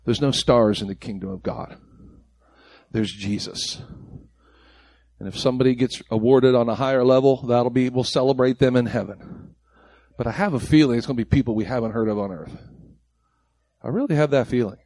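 A man's voice: medium pitch, normal speed, long pauses, darkish tone, no room sound. A man preaching a sermon to his church congregation, emphatic and impassioned, firing off rhetorical questions. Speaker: pastor. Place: church service before a congregation.

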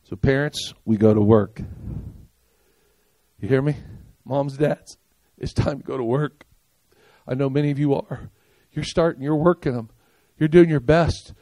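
A man's voice: measured pace, no echo. Emphatic older male pastor preaching. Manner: emphatic, rhetorical questions and call-and-response checks; swings between loud punchy peaks and quiet low stretches. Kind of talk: sermon.

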